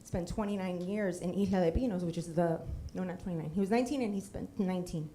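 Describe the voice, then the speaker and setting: A middle-aged woman from Puerto Rico giving a personal storytelling talk with slides. She is humorous, lively and often drifts into tangents and acted quotes. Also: on the low side, fast, a little hiss or hum. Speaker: storytelling speaker on stage.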